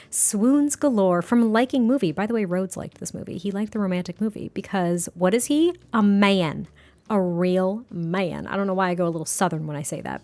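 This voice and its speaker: A young woman, the host, giving casual, gushing gameplay commentary with frequent laughs. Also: medium pitch. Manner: bubbly, gushing, laughs often. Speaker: gaming creator narrating a life-sim series.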